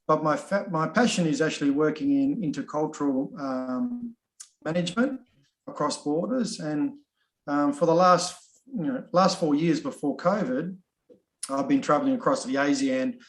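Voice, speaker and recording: A man's voice: a little high, echoey room, low-quality recording. Chatty middle-aged Australian man. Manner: chatty, frequent ums and restarts, easygoing. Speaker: course facilitator. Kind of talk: casual self-introduction in an online session.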